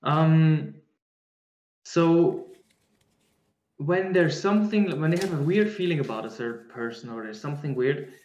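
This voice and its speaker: A man's voice: on the high side, measured pace, long pauses, a little mellow, roomy sound, lo-fi sound. A man answering a question in a reflective, conversational way, often restarting and searching for the right words. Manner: searching, many restarts and fillers. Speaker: guest speaker on embodiment.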